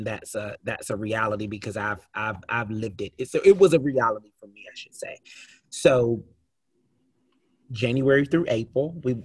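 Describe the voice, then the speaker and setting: An earnest man speaking to a church congregation about a reading plan, often stumbling and restarting his sentences. His voice has a husky, slightly breathy edge. The recording is dry and close, with no room echo. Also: mid-range voice. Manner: earnest, restarts often, reads scripture aloud. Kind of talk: church announcement talk.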